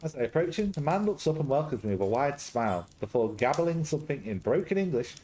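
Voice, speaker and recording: Man narrating a story game with a lively voice. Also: a little high, rough recording. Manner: steady first-person narration with quick wry asides. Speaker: game streamer. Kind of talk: reading a narrative game aloud with asides.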